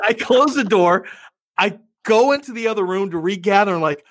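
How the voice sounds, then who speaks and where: Animated, profane male storyteller. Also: high-pitched, moderate pace, dry recording, clean studio sound. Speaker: podcast and radio host. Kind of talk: casual chat, storytelling.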